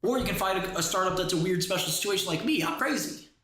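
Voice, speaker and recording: A man with a husky, slightly breathy voice rattles off crude, slangy stories on a casual livestream. His pitch swings around, and he laughs often. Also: lively intonation, fast, pushed and bright. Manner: slangy storytelling. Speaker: livestream host.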